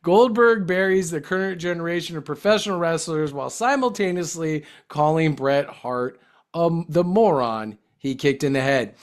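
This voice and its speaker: A man co-hosting a wrestling radio show in loose, comedic banter. His voice sits a little high, and he talks in a sarcastic, joking way. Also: moderate pace.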